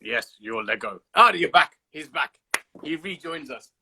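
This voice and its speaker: A man's voice: a little high, expressive, unhurried, creaky, bright, forceful tone, slight background noise, poor audio. A man hosting a casual livestream chat over a video call, teasing his guest, swearing freely and telling stories with animation. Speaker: host.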